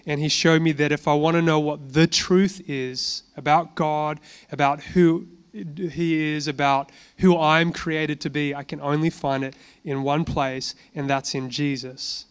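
Smooth-voiced man preaching. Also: fairly high pitch, steady tone, a little slow, hardly any pauses. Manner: conversational, rhetorical questions and answers. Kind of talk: informal sermon with personal testimony.

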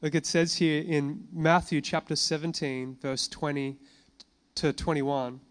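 A man preaching to a congregation, reading scripture slowly and then explaining it in a relaxed conversational way, with fillers and questions to the room. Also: on the high side. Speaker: pastor. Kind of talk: sermon. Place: church gathering addressing a congregation.

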